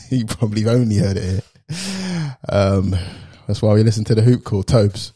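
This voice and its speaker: A man's voice: lowish voice, expressive, normal speed, mellow, slightly rough. A man hosting a casual sports panel podcast, upbeat, teasing, and often laughing. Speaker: podcast host.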